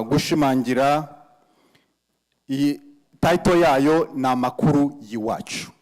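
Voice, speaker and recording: Man, moderator, memorial gathering speech, emphatic, repeats key phrases, slightly high voice. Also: a little mellow. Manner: mixes Kinyarwanda, English and French.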